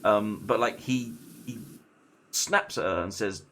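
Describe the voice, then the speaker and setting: A man streaming a game while casually retelling a scary story, halting and full of fillers and restarts. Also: fairly low pitch, pushed and bright.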